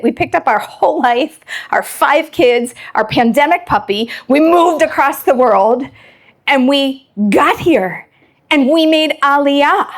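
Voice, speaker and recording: A middle-aged woman who moved to Israel, giving a lively personal Torah talk to an audience and acting out the voices she quotes. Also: high-pitched. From immigrant to Israel. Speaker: Torah lecturer.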